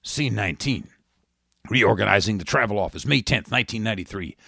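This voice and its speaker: A gravelly, husky man hosts a satirical commentary, his pitch swinging widely as he mocks. His tone is bright and pushing, in a dry, close sound. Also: animated, a little fast, dry recording. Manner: sardonic, mocking asides. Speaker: talk show host.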